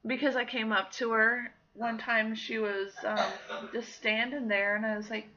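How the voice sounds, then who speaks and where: A woman's voice: on the high side, level tone, moderate pace, pushed and bright, muffled recording, a little hiss or hum. A woman in her thirties telling personal stories in a casual diary vlog, acting out the voices of people she quotes. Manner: chatty storytelling, acts out quoted voices. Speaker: vlogger.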